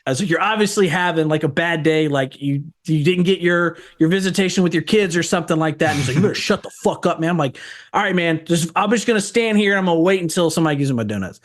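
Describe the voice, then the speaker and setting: A man chatting as a podcast guest, telling rambling, profane stories and jumping his voice up when he quotes himself. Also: fairly high pitch. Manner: rambling storyteller, profane, quick voice jumps when quoting himself. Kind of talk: casual chat.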